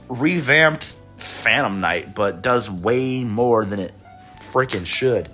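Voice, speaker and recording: A man casually recapping his card game tournament rounds, laid-back and swearing, coughing and clearing his throat now and then. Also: medium pitch, lively intonation, slow pace, pushed and bright, faint music behind. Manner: laid-back, profane, chuckling, mock voices of opponents.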